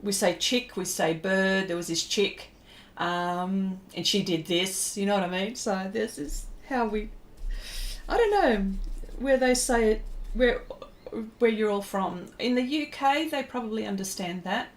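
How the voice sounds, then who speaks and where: A middle-aged Australian woman, a pastel artist streaming live, chats casually with viewers while she draws, speaking in an unhurried, medium-pitched voice. She rambles and laughs often.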